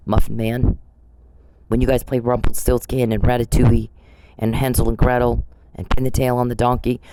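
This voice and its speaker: A man's voice: medium pitch, mellow, low-quality recording. Guy ranting on his podcast, swears a lot, accusing and rambling, plain mid voice, lots of background hiss. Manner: profane, accusatory, rambling with restarts. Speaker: podcast host. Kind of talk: ranting monologue.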